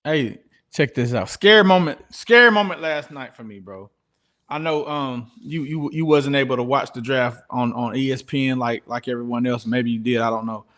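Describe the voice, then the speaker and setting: A man co-hosting a casual sports talk show, animated and joking, often breaking into laughter. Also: mid-range voice, moderate pace.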